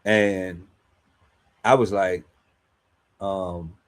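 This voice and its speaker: A man's voice: deep voice, steady tone, very slow. A man on a podcast panel telling a story in casual, slangy chat, laughing often and acting out quotes.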